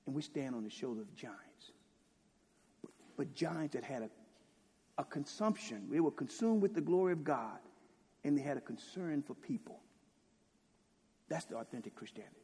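A man preaching a sermon with great passion, shifting between loud declaiming and hushed, near-whispered lines, and asking rhetorical questions again and again. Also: mid-range voice, husky. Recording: long hall reverb.

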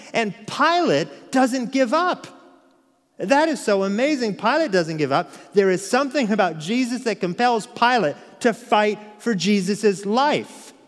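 Pastor, male, higher-pitched voice, emphatic expository preaching, with a long hall reverb behind his voice. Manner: emphatic, rhetorical questions. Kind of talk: expository sermon.

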